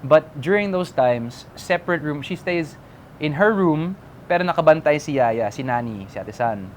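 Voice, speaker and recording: Soft-spoken young man, faint hiss. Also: on the high side, moderate pace. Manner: relaxed, mixes English and Filipino, acts out quoted voices. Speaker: interview guest. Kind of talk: candid conversational interview.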